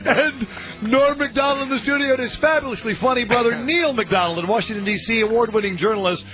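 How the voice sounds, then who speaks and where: A man's voice: very high voice, fast talker. A radio host who laughs a lot and eggs his guests on in studio banter. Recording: dull lo-fi radio audio with music bed.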